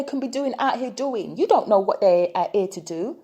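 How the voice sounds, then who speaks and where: Woman, vlog rant, fiery rhetorical questions, warm tone. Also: mid-range voice, lively intonation, moderate pace, few pauses. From United Kingdom. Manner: impassioned, repetitive rhetorical questions. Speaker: tarot reader and vlogger.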